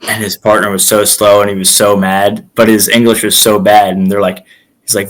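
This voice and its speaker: Brisk and fairly low-pitched, this former college wrestler's voice is captured on a low-quality recording. He's a young guest spinning casual stories, animated and performing the quotes himself.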